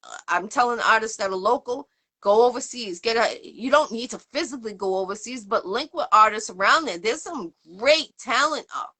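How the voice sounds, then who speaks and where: A woman from the Boston area, USA, hosts an interview show, her voice a little high, lively in intonation, at normal speed. Her casual chat rambles upbeat, full of shout-outs and fillers.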